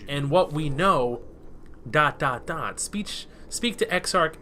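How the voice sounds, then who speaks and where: A man giving rambling, excitable let's play commentary, swearing freely while he plays. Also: on the high side, slow, a little hiss or hum. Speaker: gameplay commentator.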